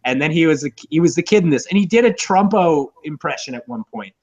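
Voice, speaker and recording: A young man co-hosting a casual movie podcast, rambling, profane and excitable. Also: a little high, fast talker. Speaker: podcast co-host.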